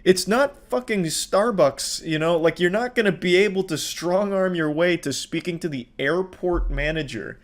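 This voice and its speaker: Brief: deadpan young male commentator, fairly high voice, sardonic and profane. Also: moderate pace, hardly any pauses. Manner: deadpan, sardonic, swears a lot. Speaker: commentary YouTuber. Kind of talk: reaction commentary.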